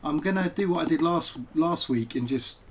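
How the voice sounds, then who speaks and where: Streaming a game from home, a man who is a poet chats casually and digressively with his viewers. His voice is fairly high with a breathy edge, and he talks at a normal speed.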